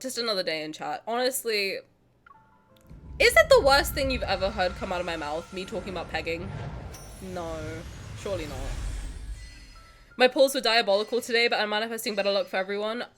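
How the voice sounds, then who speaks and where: Her voice is mid-range, bright-ish and brisk, with lively intonation and frequent pauses, over soft background music. She's live-streaming a game from home, chatting with viewers while cursing in fun and putting on a mock-angry rant.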